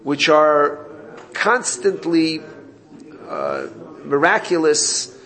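Gravelly man teaching a Torah class. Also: fairly high pitch, extremely slow, a bit bright. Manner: explanatory, reads Hebrew text then translates.

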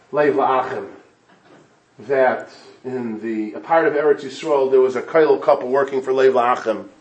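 A man delivering a sermon with storytelling in a synagogue hall, moving from hushed to impassioned. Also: mid-range voice. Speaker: speaker at an evening gathering. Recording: echoey room.

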